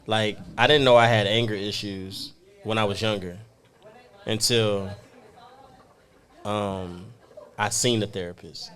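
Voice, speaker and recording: A man's voice: lowish voice, fairly even intonation, takes it slowly, long pauses, fairly bright tone. Man, podcast host, laid-back storyteller who laughs a lot. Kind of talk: casual podcast chat.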